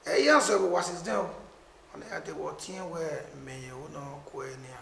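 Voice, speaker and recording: This Nigerian-accented musician has some vocal fry, a voice on the high side, and a moderate pace as he talks animatedly and casually, mixing in pidgin and Edo. The echoey room carries slight background noise.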